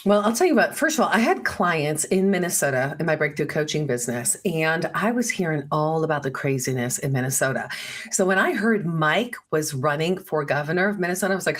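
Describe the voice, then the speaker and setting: A woman's voice: low voice, animated, fairly quick. A woman co-hosting a talk show, enthusiastic and emphatic as she tells her points. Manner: enthusiastic, emphatic, laughs often. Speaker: co-host, coach.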